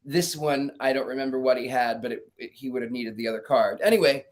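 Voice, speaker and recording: A man's voice: medium pitch, fast. A man, a psychic guest, telling stories in a casual interview and acting out the people he quotes. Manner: animated storyteller, acts out quoted voices, laughs.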